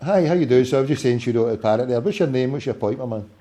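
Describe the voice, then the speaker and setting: Scottish phone-in host, male, sweary and ranty, mellow dark tone. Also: medium pitch, lively intonation, racing. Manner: sweary, ranting, jokey with callers. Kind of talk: casual sports phone-in.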